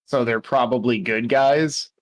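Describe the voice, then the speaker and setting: A man's voice: medium pitch, steady tone, unhurried, rough recording. A man playing a tabletop game in casual chat, joking and asking questions about the rules. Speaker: player.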